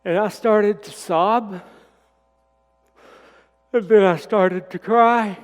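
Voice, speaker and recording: A middle-aged man preaching a sermon, telling a personal story in a folksy way and dropping to a hushed voice when he is moved. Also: sits high, slow, clean tone. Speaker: pastor. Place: church sanctuary. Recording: reverberant church sanctuary.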